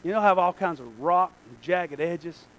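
A male pastor preaching a sermon in a church, swinging between shouted lines and quiet asides. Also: high-pitched, expressive, moderate pace, poor audio.

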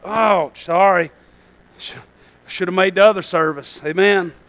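A man preaching in church, tossing "Amen?" back to the congregation. His very high, bright voice jumps from shouted points to soft, quick asides. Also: steady tone, smooth. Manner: call-and-response, asking "Amen?"; swings between shouting and quiet asides. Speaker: pastor. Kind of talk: sermon.

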